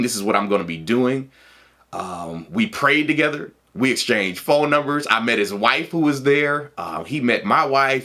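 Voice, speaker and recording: A man telling a personal story in a casual, animated way, laughing and acting out what people said. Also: lowish voice.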